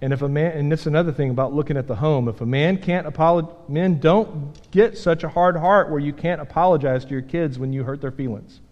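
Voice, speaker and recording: A man preaching a sermon as pastor, earnest and emphatic, dropping from loud points to quiet self-deprecating asides. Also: on the high side, a little fast, hardly any pauses, muffled recording. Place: church sanctuary. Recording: long hall reverb.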